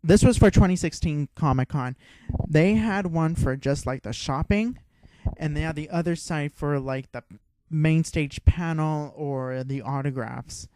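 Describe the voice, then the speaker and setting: An excitable young man with a fairly high voice, co-hosting a casual podcast. He tells his story with a lot of swearing and animated energy. The sound is dry and close, with no room echo. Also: a little slow. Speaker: podcast co-host. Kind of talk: casual chat.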